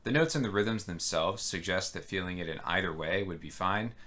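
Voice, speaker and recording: Male music teacher, low and bright-edged, methodical explainer. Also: brisk. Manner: explains step by step, counts rhythms aloud. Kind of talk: online music lesson.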